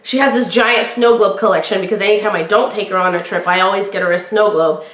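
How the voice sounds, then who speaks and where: Podcast host, middle-aged woman, loud projecting voice, candid chatty storytelling, room echo. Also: mid-range voice, fast talker. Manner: candid, chatty, quotes others in lively voices. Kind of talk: personal storytelling.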